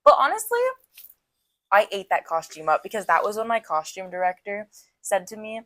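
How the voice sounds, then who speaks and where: A woman's voice: medium pitch, big pitch swings, moderate pace, fairly bright tone, no echo. A young adult woman co-hosting a podcast in casual chat, rambling and giggly, often saying "literally". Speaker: podcast co-host.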